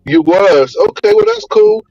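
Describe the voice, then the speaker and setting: A man with a high, very lively voice pushes back combatively and repeats his points. The sound is dry and dull, recorded close on a lo-fi mic. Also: measured pace, slightly rough, no echo. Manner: combative, repetitive, needling. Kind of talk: heated podcast debate.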